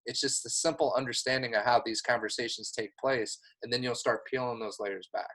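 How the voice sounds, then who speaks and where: A man's voice: mid-range voice, steady tone, a little fast, fairly bright tone. Earnest man giving sales coaching. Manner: earnest, emphatic, encouraging. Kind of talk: coaching talk.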